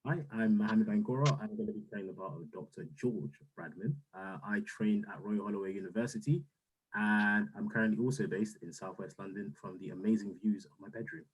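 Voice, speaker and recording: Husky, low-voiced young man, joking. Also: a little fast, rough recording. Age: 20s. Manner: jokey, playful. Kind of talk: casual chat. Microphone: video call.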